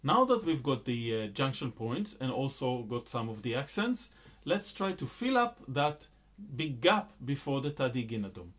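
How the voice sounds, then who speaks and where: A man's voice: mid-range voice, very animated, moderate pace, a bit bright. A man teaching a rhythm lesson, explaining patiently and chanting counts and rhythm syllables aloud. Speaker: music teacher.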